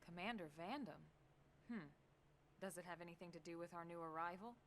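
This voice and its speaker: A woman's voice: on the low side, slight background noise, lightly acted. An actress playing a composed, dry-humored female soldier in a video game. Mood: calm. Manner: calm, measured, dry.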